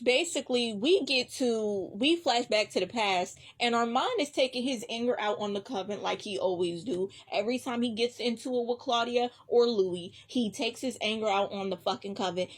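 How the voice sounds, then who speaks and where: A woman with a slightly high voice recaps an episode for her reaction vlog. She talks bluntly and casually, swearing freely and throwing in animated asides as she goes. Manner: blunt, heavily profane, animated retelling. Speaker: reaction vlogger.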